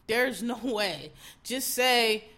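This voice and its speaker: Blunt, sharp-voiced woman ranting. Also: on the high side, very slow. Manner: blunt, profane and exasperated; mocks others in put-on voices. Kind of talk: casual commentary rant.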